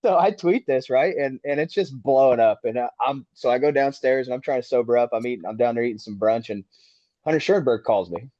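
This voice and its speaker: A man's voice: medium pitch, brisk, warm tone. A man telling a podcast host a long story with plenty of swearing, and he acts out the heated quotes in his story. His voice sits in the middle, and it comes through dull and lo-fi. The room is dry, with no echo. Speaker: race car driver guest.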